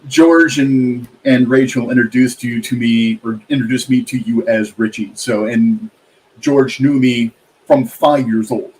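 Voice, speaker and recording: A man's voice: mid-range voice, steady tone, a little slow, a little mellow, rough recording. A man chatting as a guest author, rambling with many fillers and quoted asides. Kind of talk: casual chat.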